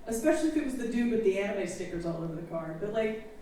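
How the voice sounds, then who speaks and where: A woman's voice: mid-range voice, big pitch swings, rapid-fire, warm tone. A young woman from Texas doing a candid, self-deprecating stand-up set on a campus stage, with lots of fillers. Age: young adult. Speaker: student stand-up comedian. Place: campus theater stage with live audience. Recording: very echoey theater, distant, faint hiss.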